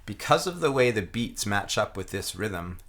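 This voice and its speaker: Calm man teaching a rhythm. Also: on the low side, normal speed. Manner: relaxed, reflective, chanting rhythm syllables aloud. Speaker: didgeridoo teacher. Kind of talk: explaining a playing technique.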